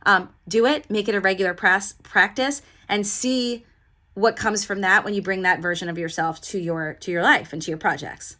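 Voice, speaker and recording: A woman's voice: medium pitch, normal speed, pushed and bright. A woman who works as a leadership coach, giving a casual motivational talk in a chatty, enthusiastic way. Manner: chatty and enthusiastic, with many fillers and restarts.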